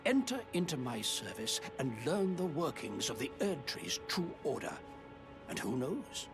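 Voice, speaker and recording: A grandiose noble lord from a video game, speaking in a formal, old-fashioned manner. His pitch swoops widely through every line, with game music playing faintly behind him. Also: big pitch swings, unhurried. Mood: courtly. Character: pompous courtly male noble lord. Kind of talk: video game character dialogue.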